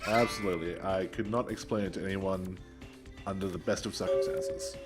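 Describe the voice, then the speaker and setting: A man's voice: low-pitched, steady tone, normal speed, music in the background. A man hosting a game playthrough, giving casual commentary with wry, self-deprecating remarks. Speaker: gameplay host.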